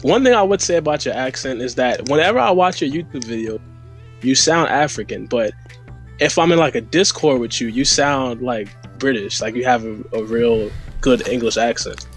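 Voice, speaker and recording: A man's voice: medium pitch, normal speed, faint music behind. A man guesting on a casual podcast chat, laid-back and giving short replies.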